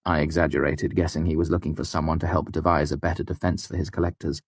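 A man reading an audiobook in first person, in a measured, even storytelling manner. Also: rumbling low, no room sound. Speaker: audiobook narrator. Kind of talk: scripted first-person narration.

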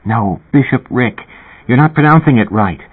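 A man reading an audiobook, voicing a giddy, mischievous young woman with a husky, raised voice, on a tinny, phone-like recording. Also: mid-range voice, expressive, moderate pace, voice pushed up. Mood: giggly. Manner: giggly, conspiratorial, gushing.

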